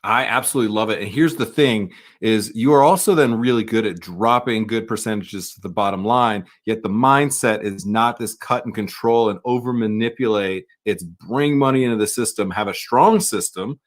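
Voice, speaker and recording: Man, podcast host, energetic, emphatic, lowish voice. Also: normal speed, few pauses. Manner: energetic, emphatic, repeats key words. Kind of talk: podcast interview.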